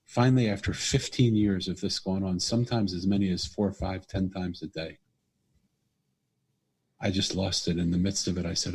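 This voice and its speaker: A middle-aged man, a podcast guest and author, telling a personal story in an earnest, animated way. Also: low voice, measured pace, pauses often, breathy edge. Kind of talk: conversational storytelling.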